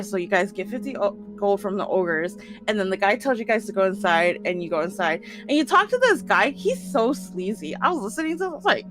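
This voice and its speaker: A woman casually recapping the last tabletop session, animated, laughing and swearing often. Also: medium pitch, brisk, hardly any pauses, over music.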